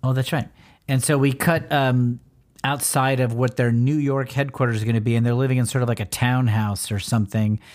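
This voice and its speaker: A man co-hosting a casual podcast, walking through a comic and acting out its lines in quick voices. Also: medium pitch, fairly even intonation, a little mellow. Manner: retells panels, reading out lines in quick voices. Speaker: podcast co-host. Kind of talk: casual chat about a comic.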